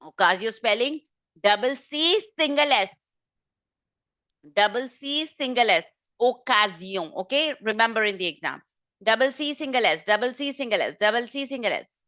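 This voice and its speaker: A woman teaching French vocabulary in an online exam-prep class, brisk and corrective, often repeating key points. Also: a little high, animated, bright, forceful tone, no room sound. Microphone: video call.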